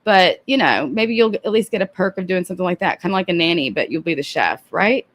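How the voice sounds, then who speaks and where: A woman's voice: fairly low pitch, lively intonation, fast talker. A woman hosting commentary on a live stream, sarcastic and often laughing, with casual swearing.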